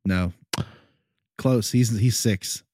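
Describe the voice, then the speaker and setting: A man's voice: lowish voice, extremely slow, darkish tone, no echo, clean studio sound. A man co-hosting a casual sports podcast, hesitant and teasing, often laughing. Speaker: podcast co-host.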